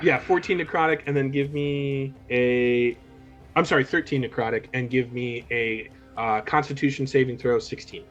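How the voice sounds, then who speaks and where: A man's voice: mid-range voice, fairly even intonation, moderate pace, dull audio, faint music behind. A man narrating as game master of a tabletop game, easygoing and laughing often.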